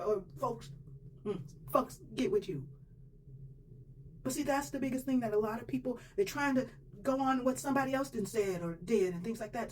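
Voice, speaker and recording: A woman's voice: high voice, darkish tone. A woman giving a personal faith testimony in a colloquial, emphatic storytelling manner. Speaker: testimony speaker. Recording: distant mic with faint background noise.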